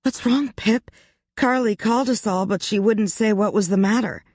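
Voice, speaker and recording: Ashley, a worried young woman friend done by the narrator, speaks in a high, gushing voice that rises sharply. The sound is dry and close, with no room around it. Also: moderate pace, a little mellow, no room sound, close to an everyday voice.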